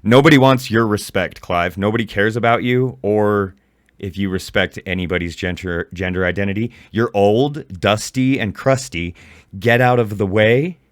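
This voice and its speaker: A man's voice: fairly low pitch, moderate pace, no echo. An adult man ranting angrily in a profane reaction commentary, recorded close on a mic. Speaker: commentary YouTuber.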